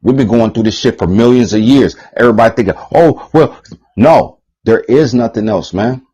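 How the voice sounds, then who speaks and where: A man's voice: lowish voice, a little fast, mellow, slightly rough, rough recording. A man giving a rambling, heated, profane monologue on his channel, repeating himself and swearing often. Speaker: channel host.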